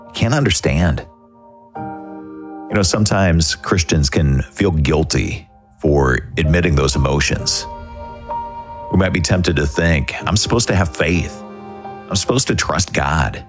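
A man speaking earnestly and reflectively as the speaker of a short radio devotional, in a conversational tone. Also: deep voice. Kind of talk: gentle devotional talk. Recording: music bed behind voice.

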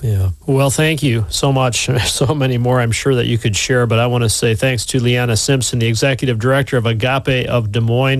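A man hosting a Christian radio interview show, speaking calmly and briefly. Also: medium pitch, brisk, few pauses, dry recording. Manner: calm, brief affirmations. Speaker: radio host.

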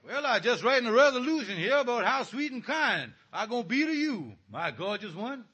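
A blustering, wheedling radio husband. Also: male voice, very high voice, big pitch swings, brisk, sharp tone, breathy edge, heavily acted. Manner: wheedling, blustering, with broken grammar. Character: scheming blustering middle-aged husband. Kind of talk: 1940s radio comedy acting.

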